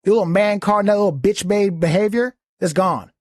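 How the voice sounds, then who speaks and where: A man's voice: high voice, a little fast, hardly any pauses, darkish tone, dry recording, clean studio sound. A man hosting a podcast, giving a heated, taunting, profane commentary monologue. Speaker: podcast host.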